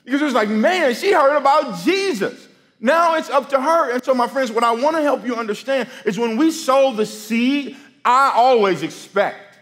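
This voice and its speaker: A man preaching a sermon in a church, telling stories with animated delivery that swings from loud to hushed. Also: extremely high pitch, normal speed. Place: church sanctuary.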